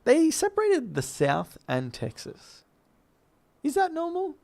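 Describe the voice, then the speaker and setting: A man's voice: very high voice, slow pace, creaky. An Australian man co-hosting a podcast, chatting casually and joking, laughing often. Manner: jokey, lively, laughs often. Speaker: podcast co-host. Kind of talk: casual chat.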